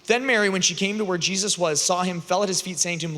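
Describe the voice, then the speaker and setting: A high, bright male voice delivering a lively, joking sermon to young people. He retells the scripture story and slips into playful character voices. The sound carries a long echo from a large hall. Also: fast. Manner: animated, joking, acts out characters. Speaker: youth conference speaker. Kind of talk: humorous preaching and scripture storytelling. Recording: long reverb of a large venue.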